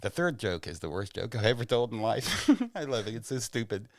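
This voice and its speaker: A man with a very low voice tells animated, rambling stories and jokes, often poking fun at himself. He sounds close and dry, as in a small studio. His delivery stays loose and conversational. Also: a little fast, no echo. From Oklahoma, USA. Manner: animated, rambling, self-mocking. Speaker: guest, stand-up comedian. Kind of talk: casual storytelling and joke-telling. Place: podcast studio.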